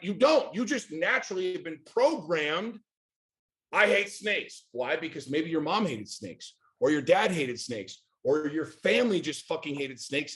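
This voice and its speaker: A man in his forties from the United States, a podcast guest talking in a blunt, emphatic, profane way. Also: a little high. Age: 40s. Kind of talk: casual chat.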